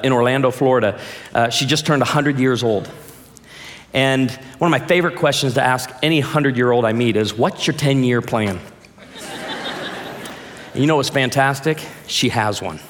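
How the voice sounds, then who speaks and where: A man in his forties preaching a sermon as a pastor, telling stories in a lively, joking way. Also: medium pitch, in a large hall. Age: 40s.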